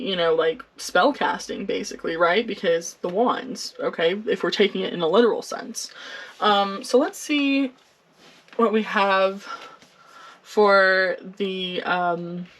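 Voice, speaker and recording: A young woman giving a casual tarot reading, chatty and playful. She laughs often, swears, and fills her talk with "like.". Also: medium pitch. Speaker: tarot reader.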